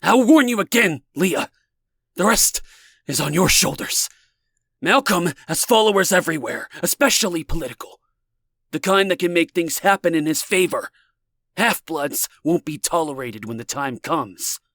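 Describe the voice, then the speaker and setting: A man's voice: a little high, lively intonation, normal speed, a bit bright, no echo, studio quality, voice pushed up. A man reading an audiobook, voicing a cold, fanatical man who warns and threatens over the phone. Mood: menacing. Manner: menacing, fanatical. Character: cold, menacing cult-devoted man.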